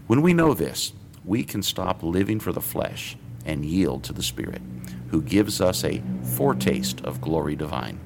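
A radio pastor, a man, gives an earnest, measured Bible teaching and reads scripture aloud in old King James phrasing. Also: low voice, big pitch swings, creaky, background noise.

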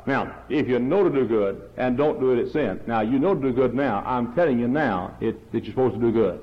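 A man's voice: mid-range voice, lively intonation, fairly quick. Preacher man on a dull old recording. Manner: repetitive, preachy, rising to loud peaks. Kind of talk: revival sermon.

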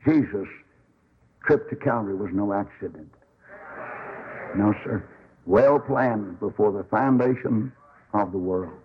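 A man preaching a sermon, telling stories in an animated, folksy way and acting out the quotes. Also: fairly low pitch, measured pace, pauses often, slightly rough, lo-fi sound.

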